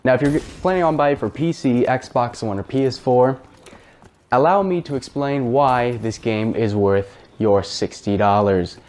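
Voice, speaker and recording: A man's voice: mid-range voice, a little slow, a little mellow. A man hosting a casual spoken game review, talking in a chatty, rambling way with fillers and the odd swear word. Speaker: gaming channel host.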